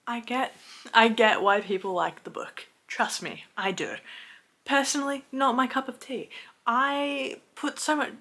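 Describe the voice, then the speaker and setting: Bright, animated young woman recapping books. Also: a little high, unhurried. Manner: animated, exasperated, swears often. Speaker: book reviewer. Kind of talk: casual book recap.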